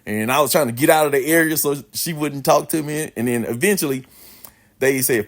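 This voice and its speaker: A man's voice: fairly high pitch, fairly quick. A man telling a casual, slangy story with plenty of swearing and a lot of expression. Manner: animated, slangy, swears freely.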